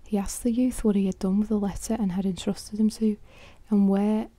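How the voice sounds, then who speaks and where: A woman whispering a fairy tale close to the microphone as a whispered role-play, pausing to correct herself. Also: medium pitch, little pitch movement, mellow, no echo. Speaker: ASMR storyteller.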